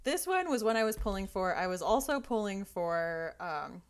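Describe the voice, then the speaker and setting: A woman hosting a casual chat, relaxed and easygoing, laughing along. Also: mid-range voice, normal speed, clean tone.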